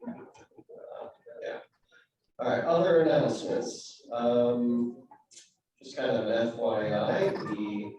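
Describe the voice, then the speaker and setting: A man's voice: mid-range voice, animated, a little slow, long pauses, dark tone. A man runs through announcements at a club meeting in a casual, joking manner. His voice comes from some distance away and rings around a very echoey room. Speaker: meeting leader.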